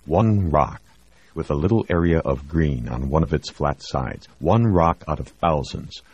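A man narrating a science fiction audiobook in a steady, measured way. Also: a bass voice, breathy edge, highs cut off. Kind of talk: scripted narration.

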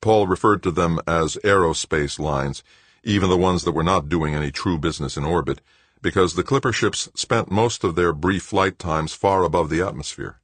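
A man reading a novel aloud as narrator, in a measured, even storytelling manner. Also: deep voice, husky, no echo. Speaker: audiobook narrator. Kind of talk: scripted narration.

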